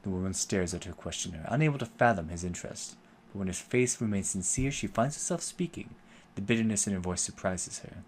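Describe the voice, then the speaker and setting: A man's voice: low voice, animated, brisk, a little hiss or hum. A man reading a game's story aloud as narrator, dropping casual asides in between. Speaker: let's play host.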